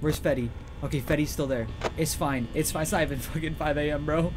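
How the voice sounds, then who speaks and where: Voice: mid-range voice, a little fast, background noise. A streamer playing a horror game live, panicking, swearing, giggling nervously and greeting chat between scares. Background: game music and sounds.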